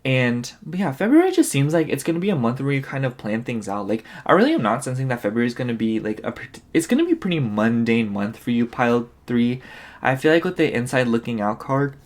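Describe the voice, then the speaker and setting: A man's voice: mid-range voice, big pitch swings, quick pace. Rambling, tired man reading tarot. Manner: rambling, full of "like" and "you know". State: tired, yawning. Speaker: tarot reader. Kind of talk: casual pick-a-card tarot reading.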